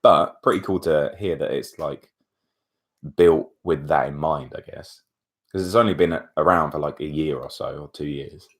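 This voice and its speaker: A young man, chatting to camera as a vlogger, retelling events in a chatty, animated way full of asides. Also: rumbling low, moderate pace. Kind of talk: casual storytelling to camera.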